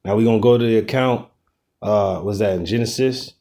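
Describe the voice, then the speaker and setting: Man leading a casual bible study, mellow dark tone, loose slangy delivery. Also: on the low side, brisk. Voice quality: profane, slangy, animated commentary.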